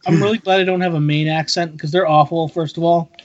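A man's voice: on the high side, fairly even intonation, fast, muffled recording. A man co-hosting a podcast, telling a laid-back anecdote in casual chat. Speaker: podcast co-host.

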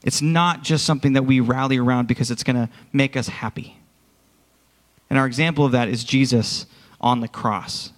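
A man's voice: mid-range voice, fairly even intonation, normal speed, in a large hall. A man preaching a sermon as worship pastor, speaking earnestly and directly to his congregation in a church. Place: church sanctuary.

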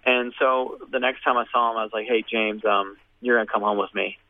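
A man telling a personal story in a casual, animated way, acting out what others said. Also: fairly low pitch, fairly quick, dry recording. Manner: animated, acts out quoted voices. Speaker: guest telling his story. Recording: phone-like radio audio.

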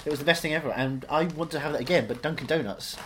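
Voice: medium pitch, rapid-fire, noisy background. A podcast co-host in casual comedy chat, rambling and joking, often restarting mid-thought.

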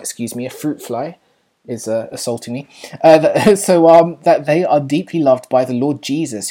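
A woman leading a church teaching session, earnest and encouraging, pausing on fillers and correcting herself as she goes. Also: extremely low pitch, dark tone, slightly rough.

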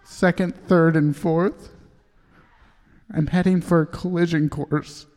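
A man playing an overly earnest male poet who chokes up while reading his own verse, in a halting, self-serious way for a comedy sketch. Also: medium pitch, darkish tone. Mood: solemn. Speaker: guest poet. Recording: long reverb.

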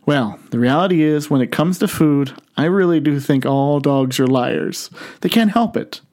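Fairly high-voiced man preaching. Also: animated, a little mellow. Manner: storytelling, slowing down and stretching words for emphasis. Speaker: pastor. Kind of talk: sermon.

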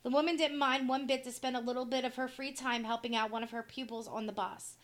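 A woman's voice: on the high side, fairly even intonation, fast. A middle-aged woman co-hosting a talk show, reading stories aloud and commenting bluntly. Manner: blunt, swears casually. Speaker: podcast co-host. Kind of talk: reading news stories aloud, casual chat.

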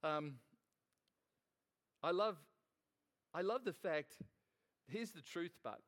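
A man's voice: fairly high pitch, animated, slow pace, fairly bright tone. A man preaching a sermon in a loose, conversational way, telling a personal story with frequent restarts and fillers.

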